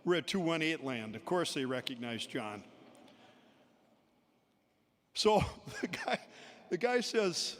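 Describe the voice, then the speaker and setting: A man's voice: on the high side, big pitch swings, unhurried, fairly bright tone. Man telling stories in an echoing hall. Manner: anecdotal, chuckling between stories. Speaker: eulogy speaker at a memorial service. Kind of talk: storytelling eulogy. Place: large indoor pavilion. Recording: long hall reverb in a large venue.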